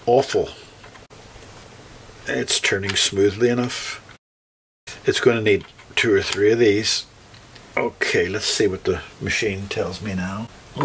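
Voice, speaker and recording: A man's voice: on the low side, slightly rough. A Northern Irish man, a luthier, talking through a guitar repair as he works, thinking aloud and correcting himself mid-sentence. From Northern Ireland. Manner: thinks aloud while working, self-correcting.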